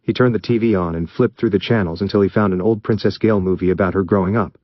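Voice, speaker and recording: A man reading fan fiction aloud in steady, even narration. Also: sits low, quick pace, dry recording, muffled recording. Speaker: story reader.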